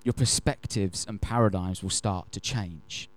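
A man preaching a sermon. He tells stories in an animated, emphatic way and slows down to stress key phrases. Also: sits low. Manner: animated, emphatic storyteller who acts out quotes. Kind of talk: sermon with storytelling.

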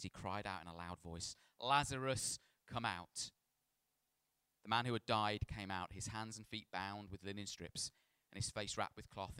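A man's voice: low voice, sharp tone, no echo. A man, a pastor, reads a Bible passage aloud and then preaches in a chatty, self-deprecating storytelling way. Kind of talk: scripture reading and sermon.

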